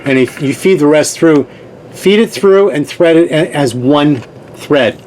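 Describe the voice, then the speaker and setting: A man's voice: on the high side, unhurried, a little mellow, a little hiss or hum. A man hosting a sewing tutorial, giving patient step-by-step instructions and repeating key points.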